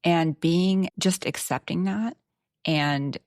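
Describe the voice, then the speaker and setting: A woman's voice: lowish voice, slow pace, darkish tone, no room sound, clean studio sound. A woman with a Texan twang, talking reflectively as a guest on a podcast. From Texas. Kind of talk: casual podcast conversation.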